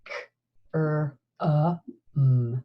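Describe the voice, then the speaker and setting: A woman teacher leading a slow, encouraging phonics lesson, sounding out words letter by letter. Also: deep voice, narrow, tinny audio. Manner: encouraging, with praise and questions. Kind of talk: recorded classroom phonics lesson.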